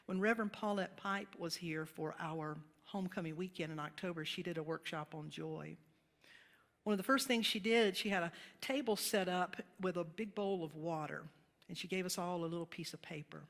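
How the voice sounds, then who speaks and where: A woman pastor preaches a sermon in an easy, conversational way, telling stories as she goes. Her voice sits at a middle pitch and carries a long reverb from the church hall. She laughs along with the congregation at times. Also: normal speed. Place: church sanctuary.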